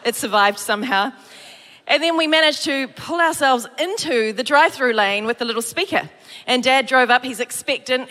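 High bright New woman preaching. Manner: animated storytelling, acts out quoted voices. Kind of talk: sermon with personal story. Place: church hall. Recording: reverberant hall.

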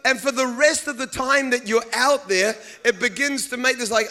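A man preaching a sermon to a live congregation, telling stories with humor, animated delivery and vocal sound effects. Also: very high voice, moderate pace, hardly any pauses.

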